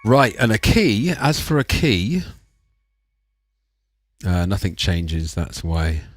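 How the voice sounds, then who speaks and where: Chatty man with a low voice. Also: sing-song, takes it slowly, no room sound, clean studio sound, faint music behind. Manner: rambling, chatty and self-mocking. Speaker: livestream music producer. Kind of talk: casual live-stream chat.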